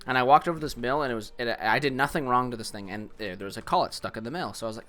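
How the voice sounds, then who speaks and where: A young man from Ontario in casual chat, telling animated stories full of swearing, laughter and acted-out quotes. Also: medium pitch, very fast, few pauses. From Ontario, Canada.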